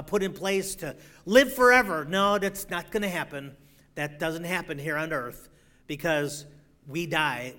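A middle-aged man preaching a sermon, swinging between loud emphatic declarations and quiet, joking asides. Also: a little high.

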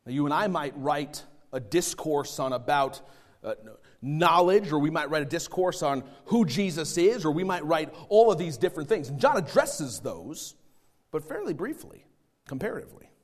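A man preaching a sermon, swinging between loud stressed phrases and quiet asides. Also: on the high side, lively intonation, moderate pace, long reverb tail. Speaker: pastor.

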